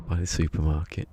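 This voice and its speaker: Low gravelly man streaming. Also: noisy background. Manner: rambling, chuckling, talks to himself while building. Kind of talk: casual gaming stream chat. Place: home room.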